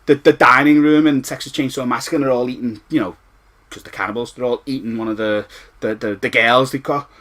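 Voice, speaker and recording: Reviewing a retro game, this Scouse-accented man from Liverpool, England, rants, rambles, swears freely and keeps repeating himself. He has a medium-pitched voice that's a bit bright.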